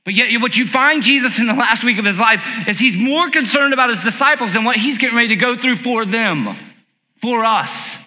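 A man with a high, very bright and forceful voice preaches a conversational sermon. He throws out rhetorical questions and stretches out the key words. His voice carries a long reverb through the church sanctuary. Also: lively intonation, fairly quick. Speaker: pastor.

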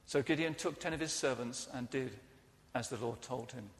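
A man preaching a sermon, telling the story earnestly and often dropping soft and quiet. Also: mid-range voice, normal speed, hardly any pauses, long reverb tail, a little hiss or hum.

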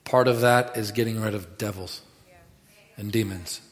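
A man preaching a sermon in a lively, animated way, dropping to quiet asides and rising to loud bursts. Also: fairly low pitch, normal speed. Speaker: pastor. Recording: reverberant hall.

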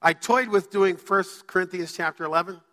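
Pastor guy preaching, fairly high bright voice, big church hall echo. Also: normal speed. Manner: storytelling with quoted voices. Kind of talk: sermon. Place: church sanctuary.

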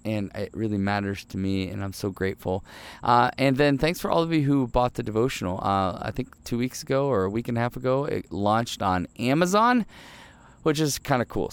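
A middle-aged man hosting a devotional podcast, talking in a relaxed, earnest way and telling stories with many fillers. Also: mid-range voice, smooth, no room sound. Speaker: podcast host.

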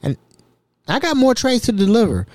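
A man hosting a podcast, telling stories in an animated, repetitive, exasperated way. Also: very high voice, normal speed, no room sound, clean studio sound. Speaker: podcast host. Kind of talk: casual storytelling.

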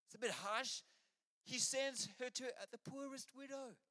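Rousing Australian preacher in a reverberant church. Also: male voice, very high-pitched, moderate pace, pushed and bright. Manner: rousing, urges the congregation on. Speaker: pastor. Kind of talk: sermon.

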